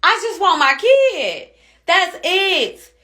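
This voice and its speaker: An upset mother rants on social media with a bright, sharp voice. She cusses, circles back to the same points and stays heated throughout. Her pitch sits high for a woman. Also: very animated, slow. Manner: heated, cussing, repeats herself. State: upset and angry. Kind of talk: angry social media rant.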